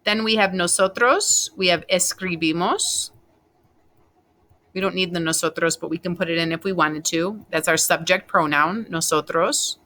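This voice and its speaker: A woman's voice: on the low side, normal speed, sharp tone. A woman teacher giving a recorded Spanish class, patiently explaining verb endings step by step and spelling them out letter by letter.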